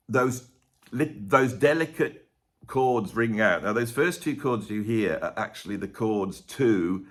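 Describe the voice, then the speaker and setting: A man's voice: mid-range voice, sharp tone. A man giving a casual track-by-track music analysis, rambling and enthusiastic, with many restarts. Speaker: music commentator.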